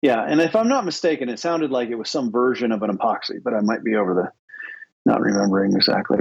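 A man's voice: mid-range voice, fast talker, vocal fry, breathy edge, dull audio. A man co-hosting a podcast in easygoing, rambling casual chat, agreeable and loose. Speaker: podcast co-host.

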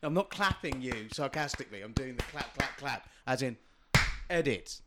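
A man's voice: mid-range voice, lively intonation, normal speed, very noisy. A man co-hosting a comedy podcast, joking and teasing in casual banter and laughing often. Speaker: podcast co-host.

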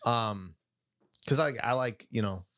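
A man's voice: mid-range voice, unhurried, bright, forceful tone. A man hosting a podcast, chatting casually and joking, rambling with fillers and restarts. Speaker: podcast host.

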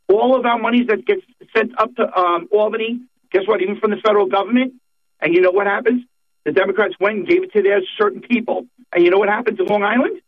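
A man, a political candidate calling in to a radio show, talking emphatically and repeating his points. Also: sits high. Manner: emphatic campaign talk, repeats phrases. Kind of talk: phone-in radio interview. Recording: tinny phone line.

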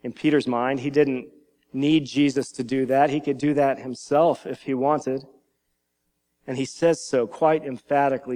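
A man's voice: mid-range voice, steady tone, moderate pace, a little mellow. A male pastor preaching a sermon in an earnest teaching manner, now and then repeating a word as he goes.

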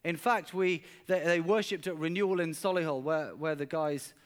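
A man's voice: fairly high pitch, moderate pace. A man. He tells stories earnestly, often repeating a word before pressing on. This is a church sermon. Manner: earnest storyteller, often repeats words while speaking. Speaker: pastor. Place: church service.

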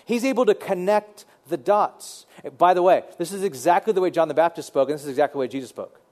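A man preaching a sermon in a conversational, animated way, often repeating words as he thinks. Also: a little high, quick pace. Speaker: pastor.

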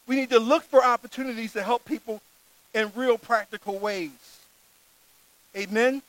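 High-voiced male preacher. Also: fairly bright tone, no room sound, low-quality recording. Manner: earnest preaching, reads scripture aloud, stresses key words. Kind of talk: sermon.

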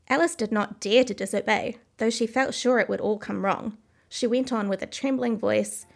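Gravelly woman narrating a storybook. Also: a little high, moderate pace. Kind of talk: storybook reading.

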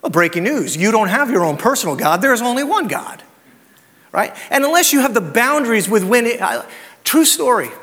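High-voiced preaching man, reverberant hall. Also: very animated, brisk, fairly bright tone. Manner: conversational preaching with personal anecdotes and rhetorical questions. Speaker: pastor. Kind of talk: sermon. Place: church sanctuary.

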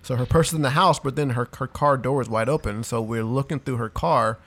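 A young man talking loosely on a podcast, piling "like" and "dude" into a rambling story. His voice sits at an ordinary middle pitch and he keeps the tone conversational. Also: fairly quick, a bit bright. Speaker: podcast co-host. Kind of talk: casual chat.

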